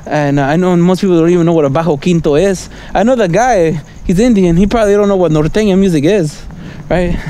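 A man with a high, warm voice speaks fast with few pauses, a little hiss or hum under the recording. Vlogging on a city street at night, he rambles casually from one thought to the next, repeatedly asking "right?" and "you know?" with chuckles in between.

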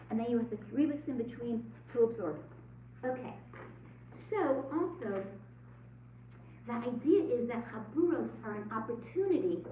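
A woman's voice: a little high, slight background noise. A woman teaching a religious study group to a room, earnest, often asking the listeners questions. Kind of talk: religious class talk. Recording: echoey lo-fi room recording from far off.

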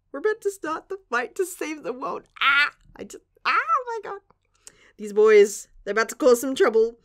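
A young woman reacting casually to a manga chapter, gushing and giggling, with casual swearing. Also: on the high side. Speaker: manga reviewer.

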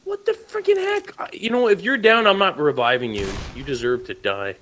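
A man giving casual co-op game commentary, excitable and prone to yelps and shouts. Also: high voice, moderate pace, a little hiss or hum. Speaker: gamer.

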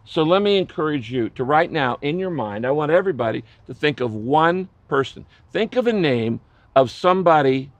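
A man preaching a sermon as pastor, impassioned, swinging between loud emphatic lines and hushed, low ones. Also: no echo.

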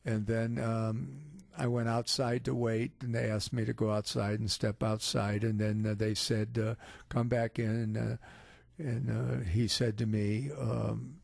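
A man's voice: on the low side, flat delivery, unhurried, vocal fry, darkish tone, no echo. A man in his eighties hosting a radio show, chatting casually and jokingly, with a lot of hesitation as he rambles. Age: 80s. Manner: joking, rambling, with many fillers.

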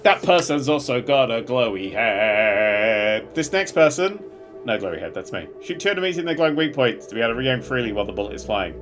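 A man giving loud, swearing, excitable live commentary while streaming a game, with sudden yelps and laughs. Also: medium pitch, brisk, over music.

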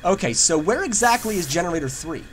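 A man giving joking let's play commentary on a horror game, rambling along and breaking into loud yelps when scared. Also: high-pitched, animated, quick pace. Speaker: gamer playing a horror game. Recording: noisy home recording.

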